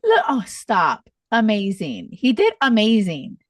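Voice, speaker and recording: A woman's voice: medium pitch, huge pitch swings, takes it slowly, dry recording, distant mic. A woman dating coach hosting a casual podcast interview, gushing and effusive as she heaps affection on her guest over a remote call. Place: in Madrid.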